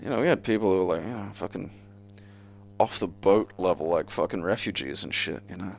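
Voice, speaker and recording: A man's voice: low voice, fairly quick, vocal fry. An Australian man streaming a game and chatting casually, rambling and profane with a sardonic edge. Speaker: gaming streamer. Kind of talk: casual gameplay commentary.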